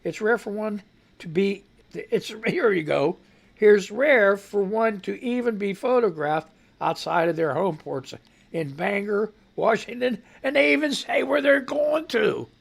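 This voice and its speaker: A man's voice: high voice, lively intonation, a little slow, creaky. A man hosting a live radio show, reading news stories aloud and mocking them with sarcastic, profane commentary; his voice is a bit off. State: voice not quite right.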